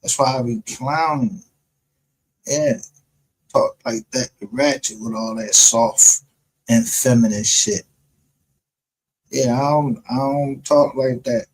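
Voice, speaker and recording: Slow-talking man hosting a livestream. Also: mid-range voice, rough recording. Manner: rambling, laughs often, swears freely. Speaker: livestream show host. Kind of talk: casual profane commentary.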